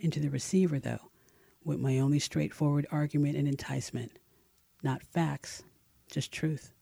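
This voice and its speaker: Gravelly man reading a memoir. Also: a little high, fairly even intonation, normal speed, dark tone, no echo. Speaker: audiobook narrator. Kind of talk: first-person memoir narration.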